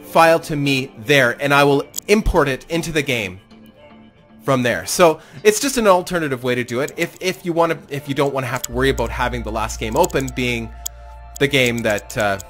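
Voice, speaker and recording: A gaming YouTuber hosts a fan game tournament, chatting casually and commentating on matches in an animated, chatty way, laughing at his own expense. His voice is medium-pitched and brisk, with soft music in the background.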